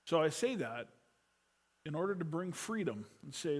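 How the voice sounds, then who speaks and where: A middle-aged man preaching a sermon as pastor, telling stories that swing from loud urgency to a quiet hush. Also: on the high side, sing-song, normal speed.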